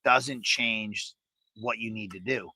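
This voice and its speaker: A man's voice: fairly low pitch, takes it slowly, bright, forceful tone, breathy edge, no echo. A man co-hosting a casual chat show, telling stories and sharing life lessons with frequent swearing. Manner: profane, storytelling, reflective. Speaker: podcast co-host.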